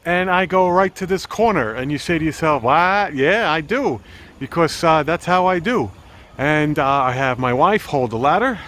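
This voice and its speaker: A man's voice: a little high, a bit bright. A man hosting a casual home vlog outdoors, joking around as he walks and talks like a mock game show host. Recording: faint outdoor traffic noise.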